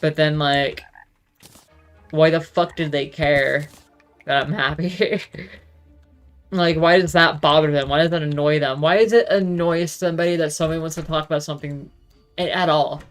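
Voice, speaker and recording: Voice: mid-range voice, steady tone, moderate pace, long pauses, soft background music. A speaker ranting casually in a rambling monologue, swearing freely and filling every gap with "like.". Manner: rambling, profane, heavy use of "like". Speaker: solo talk show host.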